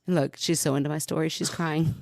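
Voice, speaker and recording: A woman's voice: deep voice, brisk, vocal fry, no room sound, studio quality. A woman from Kentucky, a podcast co-host, telling a long personal story in casual chat, laughing often and acting out the people in it. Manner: animated, laughing storyteller who acts out quoted people.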